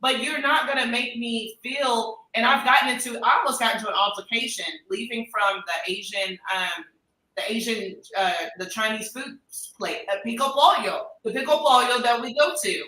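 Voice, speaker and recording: An American woman telling stories in a casual chat, acting out the people she quotes in animated voices. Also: on the high side, moderate pace, recorded from a distance. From United States. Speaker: expat podcast guest. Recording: echoey room, a little off-mic.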